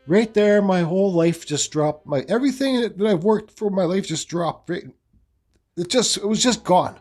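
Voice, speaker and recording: A man's voice: sits high, lively intonation, normal speed, a little mellow, soft background music. A man casually telling his own story in a rambling way, with lots of restarts and swearing. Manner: rambling, repeats himself, swears freely; frequent restarts and fillers like "I says" and "like".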